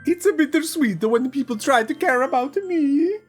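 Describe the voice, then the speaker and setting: A woman's voice: sits high, animated, normal speed, faint music behind. Woman voicing Sayori, a teary teen schoolgirl. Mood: sad. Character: cheerful teenage schoolgirl hiding deep sadness.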